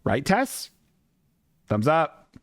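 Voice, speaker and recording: A man's voice: a little high, wildly swooping pitch, drawn-out words, no room sound. A man hosting a comedy podcast, rambling, profane and laughing often as he describes comic strips. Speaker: podcast host.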